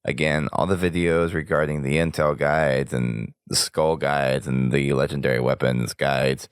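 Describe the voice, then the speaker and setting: A sick, hoarse man hosting a podcast, rambling casually through news and sign-off plugs. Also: rumbling low, fairly even intonation, a little slow, no echo, clean studio sound. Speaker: podcast host.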